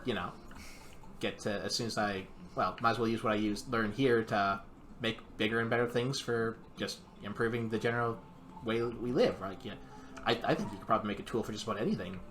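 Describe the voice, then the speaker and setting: A man's voice: fairly low pitch, a little fast, a bit bright. A man playing his character in a tabletop game, talking hesitantly with many fillers and restarts. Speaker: player voicing his character. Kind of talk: in-character tabletop role-play.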